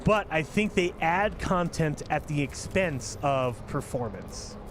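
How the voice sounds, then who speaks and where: A man giving casual gameplay commentary as a channel host, talking in an animated, exasperated rant. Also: a little high, slow, noisy background.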